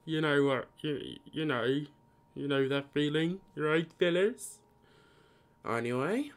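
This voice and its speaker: A man's voice: on the high side, animated, takes it slowly, clear, resonant tone. A tired man streaming a game live, casually rambling and muttering to himself as he plays.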